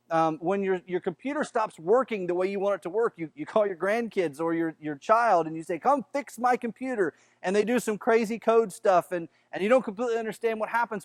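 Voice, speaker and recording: A man's voice: high-pitched, no echo. A man with a Southern American accent preaching a sermon in a conversational way, often repeating words as he talks. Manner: conversational, repeats words, acts out quoted voices. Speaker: pastor.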